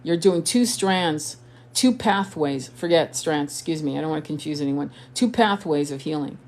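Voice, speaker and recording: A woman's voice: low voice, lively intonation, moderate pace, darkish tone. A woman born in France, a tarot reader and spiritual coach, chatting casually on a live stream, rambling with frequent swearing, restarts and laughter. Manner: rambling, profane, laughs often, many restarts. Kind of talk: casual live-stream chat reading comments.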